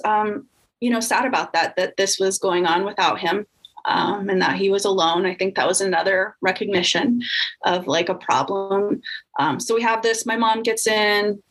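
A woman's voice: mid-range voice, fairly bright tone, poor audio. A woman guest recounting a painful family story in a candid, emotional conversational way, with many fillers. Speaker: podcast guest.

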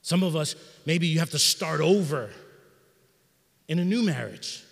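A middle-aged man preaching a sermon in a church sanctuary, in an energetic, conversational style with slang. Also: on the high side, a little slow, gravelly, in a large hall. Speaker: pastor.

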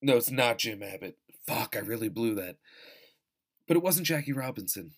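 A man talking casually about films as host, loose and rambling, with frequent restarts and salty language. He pokes fun at himself as he goes, stacking quick asides on top of each other. His voice sits at an ordinary middle pitch. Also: expressive, husky. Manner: rambling, self-deprecating, profane, quick asides. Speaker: podcast host reviewing films. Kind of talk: casual chat.

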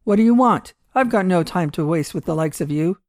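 A woman's voice: fairly low pitch, expressive, brisk, a little mellow, no room sound, studio quality, close to an everyday voice. A woman reading aloud voices a small-time male gambler who talks bluntly, curtly and with unease. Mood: curt suspicious.

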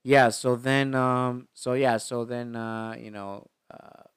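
Man retelling a movie, smooth dry voice. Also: medium pitch, flat delivery, slow pace, no room sound. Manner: rambling retelling with many fillers. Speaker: movie recap co-host. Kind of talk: casual chat.

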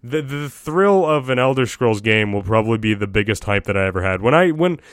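A man's voice: fairly low pitch, a little fast, no echo, clean studio sound. A man talking casually and at length about video games, swearing often and mocking himself. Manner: profane, self-deprecating, excitable. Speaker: gaming vlogger. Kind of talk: casual rambling monologue.

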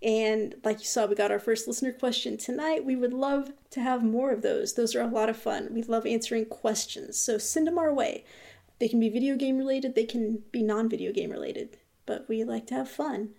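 A woman with a fairly high voice co-hosts a casual gaming podcast. She talks in a chatty, hesitant way, full of fillers and restarts. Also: moderate pace, vocal fry, mellow. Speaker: podcast co-host. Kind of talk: casual chat.

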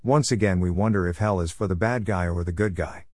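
A man giving an earnest, measured voice-over narration of a personal testimony. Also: low voice, a little mellow, no echo.

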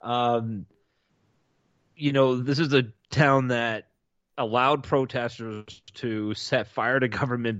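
A man's voice: medium pitch, a bit bright, no room sound. Sarcastic man on a dull dry mic. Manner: sarcastic, laughs often. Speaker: podcast co-host. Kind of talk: casual chat and news commentary.

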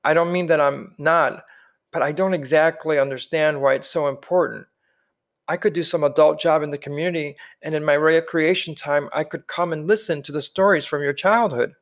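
Man reading as polite young apprentice boy, tentative, apologetic, a bit higher voice. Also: steady tone, normal speed, natural voice. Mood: eager.

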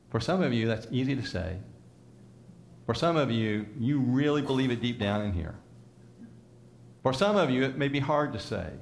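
A man's voice: mid-range voice, creaky, slight background noise. Male pastor preaching a conversational sermon. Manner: leads congregation in call-and-response repetition; conversational, teasing asides to listeners.

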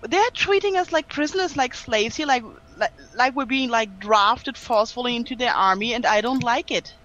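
A woman's voice: fairly high pitch, normal speed, fairly bright tone, dull audio. A woman playing her character in a tabletop game, blunt and defiant. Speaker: player.

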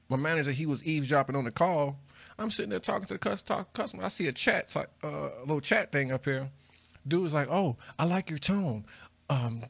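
A man's voice: a little high, gravelly, a bit bright. A young man co-hosting a podcast, laid-back and articulate, chatting casually and swearing freely. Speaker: podcast co-host.

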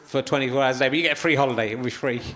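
A man's voice: medium pitch, steady tone, rapid-fire, a crowd in the background. An English man hosting a comedy podcast, quizzing his guest in a playful, joking way and laughing often. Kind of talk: casual comic interview chat.

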